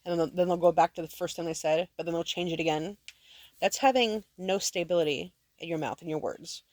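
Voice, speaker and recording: A woman's voice: on the low side, fairly quick, darkish tone, dry recording. A woman teaching her sons scripture at home, reading verses aloud and explaining them plainly, often checking whether they understand.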